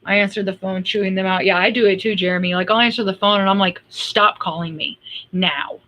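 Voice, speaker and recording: A woman chatting on a casual livestream, blunt and exasperated, venting at length with laughs breaking in. Her voice sits at an everyday middle pitch. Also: flat delivery, very fast, a bit bright, highs cut off. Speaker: livestream host.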